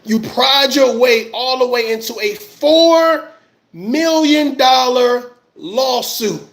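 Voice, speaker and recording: A man with a strikingly high voice gives fired-up commentary to his viewers. He rants with passion and circles back to the same phrases over and over. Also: pushed and bright. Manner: impassioned ranting with repeated phrases. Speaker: army veteran commentator. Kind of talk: heated livestream commentary.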